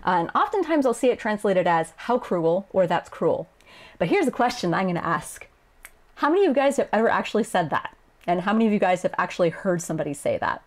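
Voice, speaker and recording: A woman translator explaining her work in a casual video lesson, chatty and quick to laugh, acting out quoted lines as she goes. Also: mid-range voice, big pitch swings. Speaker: Japanese game translator.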